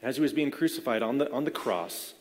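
A man's voice: medium pitch, animated, brisk, a little hiss or hum. Man preaching in a reverberant hall. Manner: conversational, explaining with frequent restarts. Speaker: pastor. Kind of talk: sermon. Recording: long reverb of a large hall.

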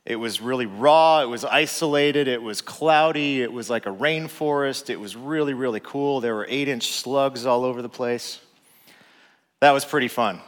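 Man, a dad, telling a story casually and loosely, mid-pitched, heard with long reverb. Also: moderate pace. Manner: relaxed, conversational, frequent "like" fillers. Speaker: father telling a personal story.

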